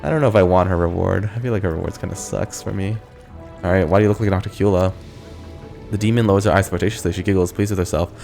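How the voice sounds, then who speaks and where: A man hosts a let's play, reading the game's text aloud and dropping casual jokes in between. His voice sits low and he talks fast, with faint game music in the background. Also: steady tone, gravelly, darkish tone. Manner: casual, joking asides.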